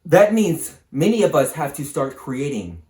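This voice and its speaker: A high-voiced man whose pitch leaps up and down as he speaks. He talks straight to the camera in an insistent, preaching monologue, repeating his points again and again. His voice rings around a roomy, echoing space. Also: sing-song, a little slow, darkish tone. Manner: emphatic, repetitive, preaching. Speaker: channel host.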